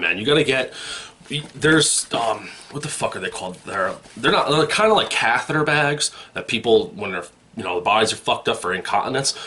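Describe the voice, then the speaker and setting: A man's voice: fairly low pitch, pushed and bright, slight background noise. A man hosting a parody news show, reading stories and breaking into profane, mocking rants.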